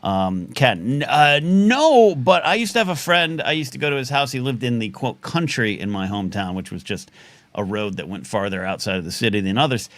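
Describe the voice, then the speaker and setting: A man's voice: mid-range voice, animated, brisk, a bit bright, no room sound. A man in his forties hosting a live talk show, rambling and self-deprecating in casual banter.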